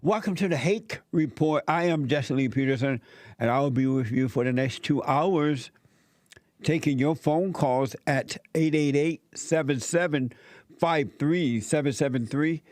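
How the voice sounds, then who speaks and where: A man's voice: a little high, a little slow, a little mellow, dry recording, studio quality. A man filling in as host of a call-in talk show, reading a news story and giving blunt, opinionated commentary in plainspoken, casual grammar.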